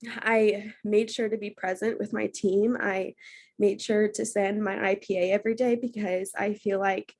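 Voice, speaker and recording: A woman speaks earnestly about a hard stretch in her life, her voice sitting at an ordinary middle pitch. She gets emotional and laughs softly through it, then steadies herself and carries on. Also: little pitch movement, moderate pace. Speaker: guest speaker on a team call. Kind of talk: personal testimony.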